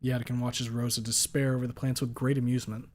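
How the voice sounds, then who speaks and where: A man's voice: mid-range voice, little pitch movement, fast talker. Man steadily reading a visual novel. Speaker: narrator. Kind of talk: visual novel read aloud.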